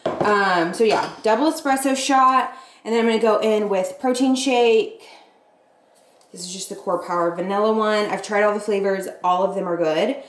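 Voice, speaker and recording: A woman's voice: medium pitch, moderate pace. A young woman chatting casually in a rambling way, with lots of fillers, as she vlogs from her home kitchen. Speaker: vlogger. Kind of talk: casual chat. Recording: echoey room, faint noise.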